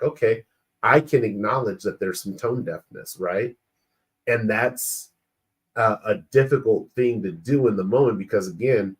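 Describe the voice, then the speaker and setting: Married man talking openly in a group. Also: fairly low pitch. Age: adult, married. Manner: animated, acts out quoted exchanges. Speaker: men's circle participant. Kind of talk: casual group discussion.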